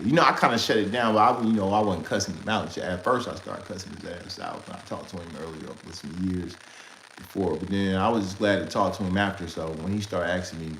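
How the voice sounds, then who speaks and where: A man casually retelling street stories, animated and laughing, in heavy slang. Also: low voice, quick pace, a little hiss or hum. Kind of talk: casual storytelling. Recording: echoey room with faint ambience.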